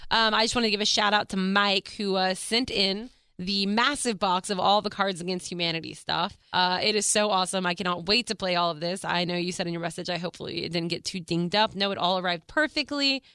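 A woman hosts her own podcast in an effusive, easygoing way and laughs often. Her voice sounds smooth and clear. The close mic keeps the sound dry. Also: mid-range voice, brisk, few pauses, sharp tone, no room sound. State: tearful. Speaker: podcast host. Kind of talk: casual solo podcast chat.

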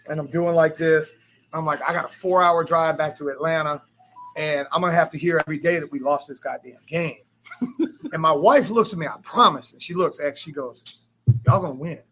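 Man, 40s, fired-up crowd speech, high-pitched and bright-toned. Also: slight background noise. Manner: emphatic storytelling, swears freely, rises to shouts.

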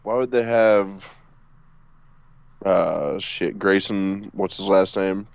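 Blunt low-voiced man, dry muffled mic. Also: slow pace, gravelly, no echo. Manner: blunt, skeptical, swears casually. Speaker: podcast co-host. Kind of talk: casual wrestling podcast chat.

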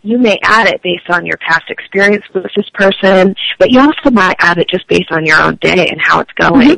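Middle-aged female sales coach, earnest, gravelly edge, dry studio sound. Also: lowish voice, moderate pace, a bit bright, no room sound, rough recording. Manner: earnest, coaching tone, acts out example phrases. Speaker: sales expert guest. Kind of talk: podcast interview conversation.

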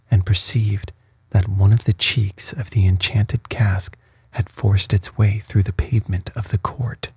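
A man narrating a bedtime story reading in a hushed, breathy voice, soft, slow and even. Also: lowish voice, no echo.

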